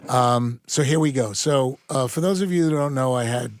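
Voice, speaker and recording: Older New man, gruff wisecracker, mid-pitched, dry close sound. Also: normal speed, no room sound. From New York, US. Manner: wisecracking, gruff, swears casually. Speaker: guest, father of the host. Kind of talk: casual chat.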